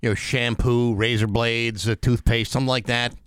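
Chill co-host dude, deadpan jokes, no room sound at all. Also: male voice, mid-range voice, normal speed, clean tone, dry recording, clean studio sound. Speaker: radio co-host. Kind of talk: casual chat.

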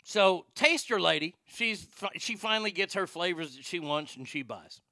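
Guy telling a crude mocking story, kinda gravelly and high, dry close sound. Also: animated, moderate pace, pushed and bright, no echo. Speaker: storyteller and prank caller. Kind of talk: casual crude storytelling rant.

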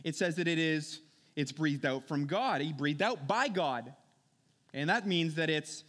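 A man's voice: on the high side, unhurried, a bit bright. A man preaching a conversational sermon, earnest, posing rhetorical questions and repeating key words.

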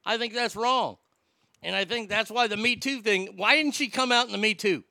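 A brash man rants through his talk segment, stumbling over restarts as he pushes his point. His voice sits high and gravelly with a sharp, bright edge. The sound is dry and close, with no room around it. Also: moderate pace, dry recording. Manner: brash, ranting, stammering restarts. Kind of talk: opinionated talk commentary.

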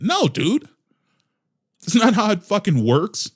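A man hosting a comedy podcast, delivering a casual, profane monologue with lively swings in pitch and loudness. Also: slow pace, pauses often, breathy edge. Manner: animated, profane ranting with mock voices. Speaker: podcast host.

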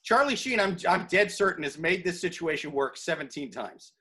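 Man, podcast co-host, high voice, swoops around, crude jokey banter. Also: moderate pace, background noise. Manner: profane, animated, jokey rants.

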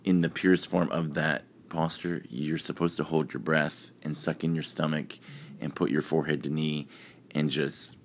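A man's voice: very deep voice, level tone, moderate pace, a little hiss or hum. A man hosting a podcast, talking casually through examples step by step. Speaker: podcast host. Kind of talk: casual explanatory chat.

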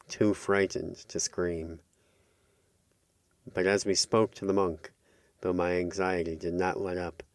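A man narrating a first-person horror story in a measured way, dropping to a hush at tense moments. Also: deep voice, no room sound.

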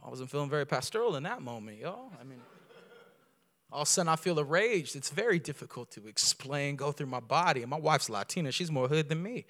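A man preaching a sermon as a guest pastor, telling a personal story with lively voices and building to loud, fervent preaching. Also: fairly high pitch, brisk. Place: church sanctuary.

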